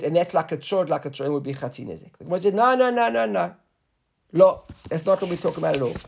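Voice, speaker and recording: A man's voice: high-pitched, darkish tone, husky. A man teaching a Talmud class, explaining step by step and often checking with "right?", mixing English with Hebrew and Aramaic terms.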